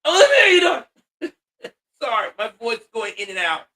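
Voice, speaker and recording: A man voicing a nervous teenage boy whose voice cracks and jumps high as he stammers and then shouts. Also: big pitch swings, brisk, full character voice. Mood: nervous cracking. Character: nervous teenage boy asking a father for marriage.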